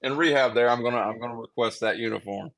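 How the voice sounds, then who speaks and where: A man's voice: mid-range voice, fast, gravelly, fairly bright tone. A young man chatting casually on a podcast, telling long stories full of fillers and restarts. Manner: rambling storyteller with many fillers. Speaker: guest pitcher.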